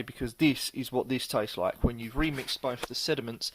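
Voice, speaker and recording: A man reviewing a beer in a casual, chatty way, sometimes pausing to search for the right words. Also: mid-range voice, slight background noise.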